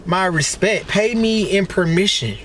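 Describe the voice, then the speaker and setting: A man who is a blogger, ranting casually and excitedly as he eats on camera, breaking into exclamations between bites. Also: high voice, unhurried, slight background noise. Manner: animated, exclamatory, chatty, talks between bites. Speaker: celebrity blogger and vlogger. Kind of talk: casual rant while eating on camera.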